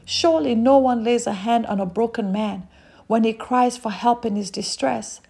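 A woman's voice: a little high, moderate pace, vocal fry, warm tone, husky. A woman preaching a sermon, reading scripture aloud and speaking directly to her listeners in an earnest way.

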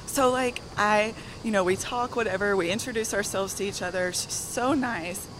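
A soft-spoken Southern woman tells a story while walking on a treadmill. She is out of breath and talks at a middle pitch. Loud gym noise runs under her voice. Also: normal speed. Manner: soft-spoken, laughs between sentences. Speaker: guest. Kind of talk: casual storytelling.

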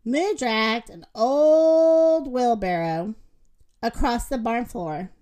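A woman reading a children's picture book aloud in a slow, expressive way. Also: a little high. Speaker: storyteller.

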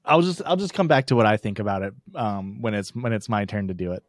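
A man's voice: lowish voice, fast, no echo, studio quality. A young man co-hosting a casual podcast, teasing and playful in banter. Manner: playful, teasing, goofy bits. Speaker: podcast co-host. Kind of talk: casual chat.

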